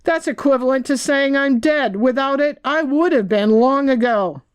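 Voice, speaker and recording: A woman's voice: high voice, moderate pace, natural voice. A woman reading the part of a candid woman who recalls her troubles with rueful frankness, keeping close to her own voice. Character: candid woman recalling hard times, wry.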